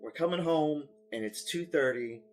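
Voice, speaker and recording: Guy hosting a podcast, kinda higher voice, animated storytelling, faint music behind. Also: moderate pace, creaky. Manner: animated storyteller, mock announcer bursts. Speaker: podcast host. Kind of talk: casual chat.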